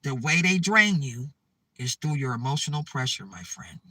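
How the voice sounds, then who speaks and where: A man's voice: medium pitch, expressive, normal speed, pushed and bright, dry recording, distant mic. A man giving a preachy spiritual monologue to his viewers, repeating himself urgently and checking in with "okay?". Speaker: spiritual advice channel host.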